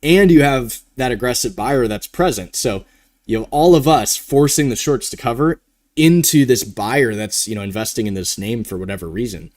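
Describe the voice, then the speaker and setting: A man hosts a live trading stream in a loose, meandering way, with restarts and the odd yawn. His voice sits at an ordinary middle pitch. The sound is close and dry. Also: normal speed, darkish tone, no echo. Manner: rambling, conversational, yawning now and then. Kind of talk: casual live stream talk.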